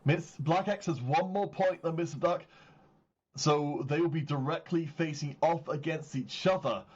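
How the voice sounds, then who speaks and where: A man casting a live esports tournament, explaining standings and calling the action with rising excitement on big plays. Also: fairly high pitch, moderate pace, husky, lo-fi sound. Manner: excitable, builds hype on big moments. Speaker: tournament caster. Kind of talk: live esports play-by-play commentary.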